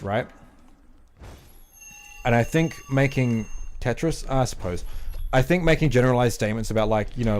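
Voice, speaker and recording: Out of breath, this streamer talks a little fast but pauses often in a mid-range, darkish voice. He rambles and airs opinions during casual gaming livestream chat, packed with fillers and the occasional swear.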